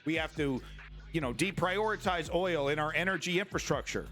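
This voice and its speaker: Brief: a combative male commentary host, sarcastic and foul-mouthed, with a sharp, slightly high voice. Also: moderate pace. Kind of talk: ranting online commentary.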